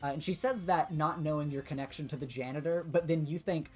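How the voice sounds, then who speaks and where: Brief: low-voiced woman running a tabletop game, lots of fillers, faint music behind. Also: a little fast, hardly any pauses, slightly rough. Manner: filler-heavy, relaxed narration. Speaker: game master.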